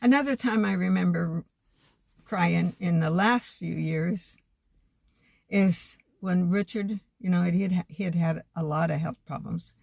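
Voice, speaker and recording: An older woman talking to camera in a homespun, earnest way, gently sharing her faith. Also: fairly low pitch, measured pace, creaky, no echo. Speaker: vlogger. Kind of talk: casual reflective monologue.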